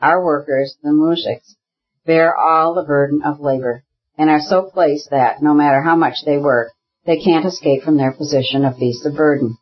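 A husky-voiced reader voicing a bitter, ailing radical brother who argues heatedly, in an audiobook. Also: mid-range voice, steady tone, moderate pace, dull audio, natural voice. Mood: agitated. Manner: heated, argumentative, bursts into shouting.

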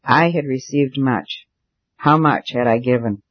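A man's voice: medium pitch, measured pace, no room sound, lightly acted. A man voicing a wealthy male landlord who is anxious and guilt-stricken, read in an audiobook. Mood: anguished. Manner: anxious confessional pleading. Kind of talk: audiobook character reading. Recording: dull dry recording.

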